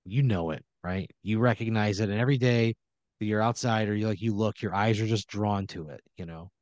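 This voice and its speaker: A man's voice: fairly low pitch, brisk, a little mellow, dry recording, lo-fi sound. A man narrating an improvised role-play scenario in a rambling, filler-heavy way.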